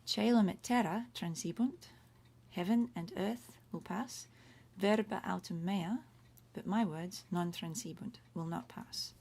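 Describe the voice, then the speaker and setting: A woman's voice: mid-range voice, measured pace, vocal fry, darkish tone. Chatty woman teaching Latin. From Australia. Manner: chatty, self-interrupting, explains words one by one. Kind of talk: casual livestream lesson. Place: home room. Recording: faint room noise.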